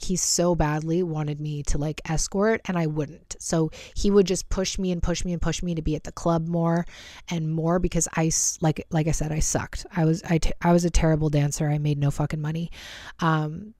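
Young woman on her podcast telling her story, lowish voice, raw and emotional, cusses a lot, dry mic. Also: steady tone, moderate pace, dry recording. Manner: candid, emotional, swears freely. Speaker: podcast host. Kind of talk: personal storytelling.

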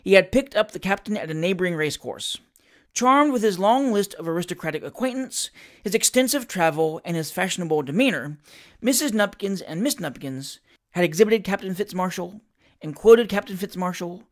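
A reader narrating a classic comic novel as an audiobook, with an expressive, theatrical delivery. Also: medium pitch, brisk.

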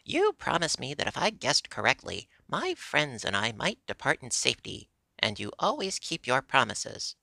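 A man's voice: medium pitch, wildly swooping pitch, normal speed, gravelly, few pauses, bright, forceful tone, dry recording, exaggerated voice. A man voicing a small female talking hen who answers back sharply. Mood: defiant.

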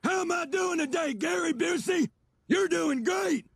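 Shrieky gravelly yelling celeb impression, cartoon, manic and unhinged. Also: male voice, very high-pitched, animated, measured pace, dry recording, exaggerated voice. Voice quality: screechy, gravelly, shouting. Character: manic shouting celebrity impression, adult man.

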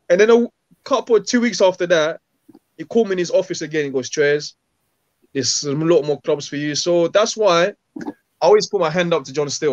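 A former footballer, telling stories in a casual interview and acting out what people said, using street slang. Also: male voice, on the high side, no room sound. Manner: animated, acts out quoted dialogue, street slang. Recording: dull, dry recording.

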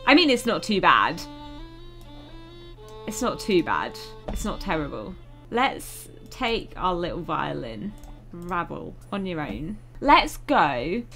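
A woman's voice: lowish voice, big pitch swings, takes it slowly, pushed and bright, soft background music. A young woman chatting casually through a life-sim game, chatty and self-mocking, swearing now and then when annoyed. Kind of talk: casual gameplay commentary.

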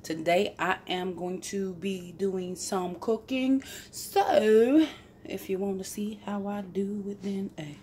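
A woman's voice: mid-range voice, takes it slowly, darkish tone, slight background noise. A woman, chatting playfully through a home cooking vlog and laughing at herself. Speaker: vlogger. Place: home kitchen.

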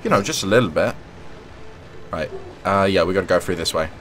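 A young man hosts a let's play, chatting and joking through the gameplay, humming and talking to the on-screen characters. His voice sits low, a bit bright and fairly quick, with slight background noise.

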